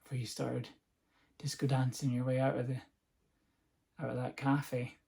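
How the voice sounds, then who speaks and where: A man talks through a casual comic podcast monologue, rambling from one tangent to the next with a sarcastic edge. His voice has a gravelly texture at a middle pitch. He swears freely and keeps a loose, joking tone. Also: completely flat delivery, normal speed, warm tone. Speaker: podcast host.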